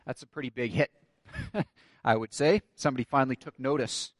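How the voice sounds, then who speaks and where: A man's voice: medium pitch, fairly quick, no echo. A man preaching a sermon, telling a story and building to emphatic declarations. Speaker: pastor.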